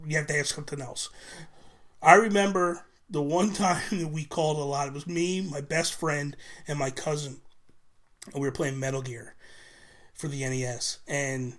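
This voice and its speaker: A man's voice: fairly high pitch, fairly bright tone. A man in his forties, a podcast guest in casual chat, telling stories animatedly and swearing freely. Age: 40s.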